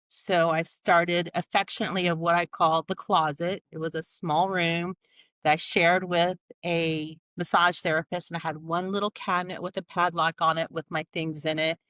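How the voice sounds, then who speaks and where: A woman's voice: lowish voice, flat delivery, normal speed, a bit bright, no room sound. A woman in her forties, a nurse practitioner guest on a podcast, telling her story candidly and acting out the dialogue. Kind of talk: casual interview storytelling.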